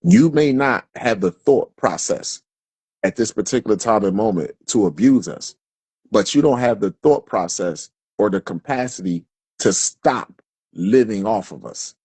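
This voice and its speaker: A man on a live stream, husky-voiced, delivering a heated, preachy rant full of constant swearing. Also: lowish voice, lively intonation, measured pace, darkish tone, no room sound. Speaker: livestream speaker. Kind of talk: impassioned profane rant. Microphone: phone on a live stream.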